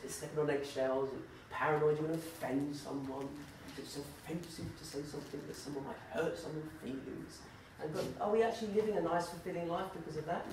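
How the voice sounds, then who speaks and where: A man giving an informal, animated talk full of anecdotes and fillers, in a university lecture room. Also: medium pitch, background noise. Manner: animated, acts out voices in the stories, many fillers. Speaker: guest speaker at a campus talk. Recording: very echoey room, distant mic.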